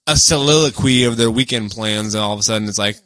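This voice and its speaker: A man's voice: lowish voice, fast talker, no echo. A man co-hosting a casual podcast chat, telling stories animatedly and acting out the people he quotes. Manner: animated storyteller who acts out quoted people. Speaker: podcast co-host.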